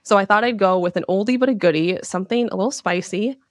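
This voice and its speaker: A woman's voice: mid-range voice, fast, dry recording, clean studio sound. A woman hosting a marketing podcast, reading a polished intro and asking questions. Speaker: podcast host. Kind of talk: scripted podcast host intro and interview.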